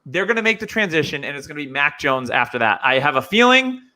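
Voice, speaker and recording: A man's voice: fairly high pitch, sing-song, quick pace, bright, forceful tone. A man from New Hampshire with a slight New England accent, hosting a podcast in easygoing casual chat. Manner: easygoing, laughs along, analytical. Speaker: podcast host.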